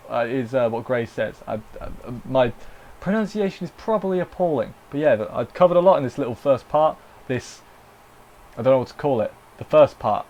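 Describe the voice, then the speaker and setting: A man's voice: on the high side, darkish tone, highs cut off. A man giving a casual, rambling anime episode review. He corrects himself often and mock-quotes the characters.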